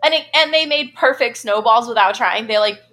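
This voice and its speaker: A woman's voice: a little high, a little fast, pushed and bright. A young woman from Illinois hosting a casual movie commentary, chatty and gushing, with lots of "like". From Illinois, USA. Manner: chatty and gushing, says "like" a lot. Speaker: podcast host.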